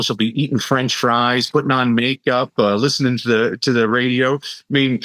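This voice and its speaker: A middle-aged man speaks as a podcast guest, telling stories with energy and quick asides. His voice sits at a medium pitch and sounds close and dry, with no room around it. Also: no room sound. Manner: animated storyteller, quick asides and impressions. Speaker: guest, educator and keynote speaker. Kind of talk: conversational podcast interview.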